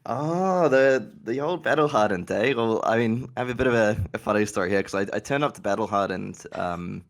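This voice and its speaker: A man's voice: lowish voice, fairly quick, vocal fry. A man being interviewed on a podcast, telling casual stories and laughing often. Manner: chatty anecdotal storyteller, laughs often. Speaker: guest, organized play manager.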